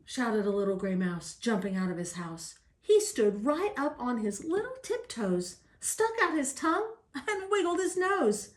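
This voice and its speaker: An older woman, a grandmother, reading a rhyming picture book aloud in an expressive, sing-song way. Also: on the high side, moderate pace. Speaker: grandmother storyteller. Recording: roomy echo.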